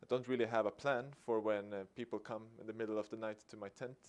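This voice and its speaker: A man's voice: fairly low pitch, fast talker. Swedish man telling a story. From Sweden. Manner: lively storyteller acting out dialogue with a chuckle. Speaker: activist speaker. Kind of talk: public talk.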